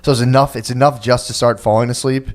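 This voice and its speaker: A man's voice: mid-range voice, little pitch movement, quick pace. A man co-hosting a podcast, telling a rambling, profane story in casual chat. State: new father. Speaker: podcast co-host.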